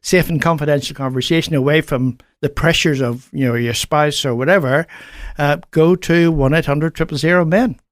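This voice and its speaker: A man's voice: a little high, moderate pace, few pauses, no room sound, studio quality. A man with an Irish accent, a guest on a radio show, talking earnestly and rambling a little, restarting his sentences. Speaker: guest, men's radio program presenter. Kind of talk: casual radio interview. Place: radio studio.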